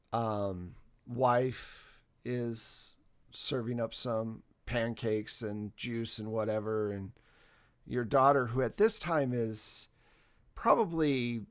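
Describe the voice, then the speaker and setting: A man running a tabletop game as game master, telling the scene in a relaxed way with many fillers. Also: mid-range voice, slow pace, clear, resonant tone. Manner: relaxed, filler-heavy storytelling.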